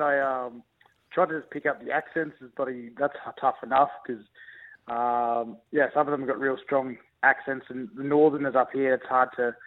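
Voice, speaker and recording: A young Australian rugby league player, a guest on a radio show, talking over the phone in a relaxed, hesitant way with many fillers. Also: male voice, medium pitch. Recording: tinny phone line.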